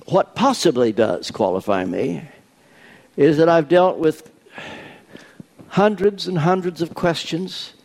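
A man's voice: fairly high pitch, lively intonation, gravelly, a little mellow. An older man preaching a sermon, telling stories with dry humor. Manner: unhurried storytelling with dry humor.

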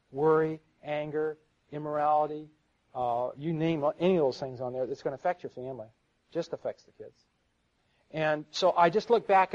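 A middle-aged man giving an earnest sermon-style talk to a live audience, telling stories and stumbling over repeated words. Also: on the high side. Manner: earnest, storytelling, repeats words when stuck. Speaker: seminar speaker. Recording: dull lo-fi live recording.

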